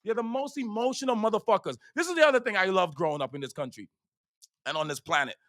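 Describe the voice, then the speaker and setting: A man with a high voice riffs through a profane, rambling stand-up rant, doubling back on his own words. He lurches from loud bursts to near-whispered asides, and the sound is dry and close. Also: fast talker, no room sound. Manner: profane, rambling, repeats himself; swings between loud bursts and hushed asides. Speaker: stand-up comedian. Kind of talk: stand-up routine.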